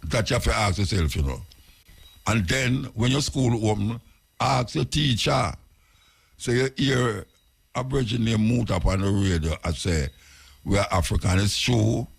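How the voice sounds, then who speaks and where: Jamaican male radio host, low and raspy, urging and questioning. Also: moderate pace. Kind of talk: radio talk monologue.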